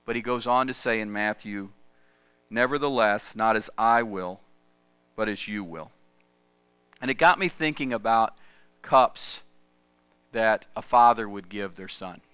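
A middle-aged man preaching a sermon, mixing scripture with lively, conversational personal stories. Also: lowish voice, unhurried, pauses often, smooth, no echo. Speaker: pastor.

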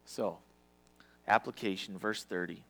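A man preaching a sermon with passion, swinging from loud to hushed and sometimes stumbling over his words. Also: sits low, unhurried.

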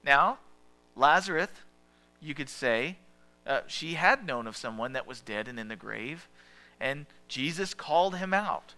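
Man, pastor, sermon, fairly high bright voice, conversational, asks questions, hushed at times. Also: lively intonation, measured pace.

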